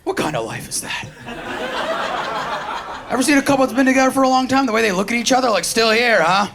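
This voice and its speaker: A man's voice: extremely high pitch, fast, vocal fry, background noise. A man with a New York accent doing a profane, brash stand-up comedy set on a live stage, acting out the voices he quotes. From New York City, Queens. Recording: live show with crowd laughter. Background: audience laughter.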